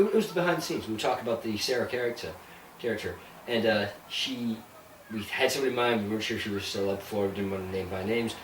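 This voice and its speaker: A man co-hosting a podcast in a loose, rambling way, often restarting his sentences. He sits at a distance from the mic in an echoey room. A faint ambient hum runs behind him. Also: mid-range voice. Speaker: podcast co-host. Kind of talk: casual chat.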